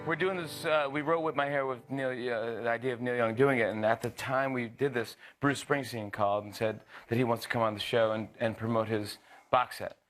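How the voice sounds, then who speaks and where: Casting: male talk host in his thirties, medium pitch, animated storyteller who jumps into impressions. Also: soft background music. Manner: animated storyteller, quick impressions, frequent laughs and restarts. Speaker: late-night talk show host telling a story. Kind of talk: casual anecdote.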